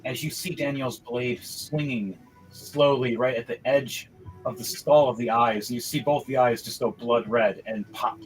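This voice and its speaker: A man runs a tabletop game as dungeon master, painting each scene in vivid, rambling bursts. His voice sits in a middle pitch. Clear music plays behind him. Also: steady tone, a little slow, low-quality recording. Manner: vivid, rambling narration with restarts.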